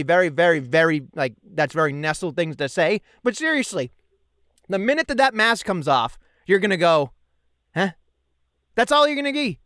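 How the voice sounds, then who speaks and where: A man's voice: high-pitched, a bit bright, smooth, no echo, clean studio sound. A man co-hosting a casual wrestling podcast who rants emphatically and swears freely. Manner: ranting, profane, emphatic. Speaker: podcast co-host.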